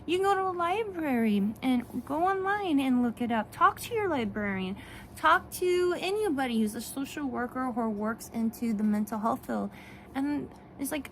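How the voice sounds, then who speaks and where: A woman talking casually in a vlog, animated and rambling, with frequent restarts and laughs. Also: sits high, moderate pace, a little hiss or hum. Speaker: vlogger and children's book author. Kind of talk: casual talk to camera.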